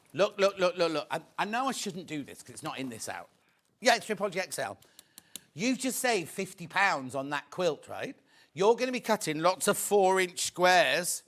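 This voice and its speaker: A British man presenting on a TV shopping channel, chatty and excitable as he counts down stock and jokes with the crew. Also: high-pitched. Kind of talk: live TV shopping sales patter. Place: TV studio.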